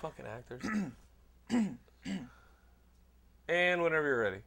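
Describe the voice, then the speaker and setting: A man hosting a podcast, playing a bossy, sarcastic casting director in an excitable comedy bit. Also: a little high, measured pace, vocal fry. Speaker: podcast host.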